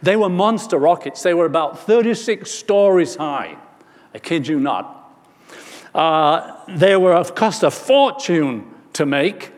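A man's voice: a little high, lively intonation, unhurried, long reverb tail. A man preaching a sermon, telling a personal story and rising to emphatic preaching.

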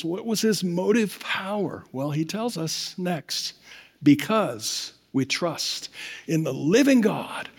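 A man's voice: high-pitched, darkish tone. A man preaching a sermon, emphatic, calling on the congregation for amens. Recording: long hall reverb.

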